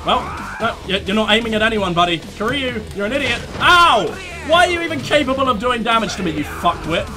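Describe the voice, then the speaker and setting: Animated high-voiced gaming commentator. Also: male voice, quick pace. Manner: joking, reads subtitles aloud in silly voices. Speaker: let's play host. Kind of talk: gameplay commentary. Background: game music.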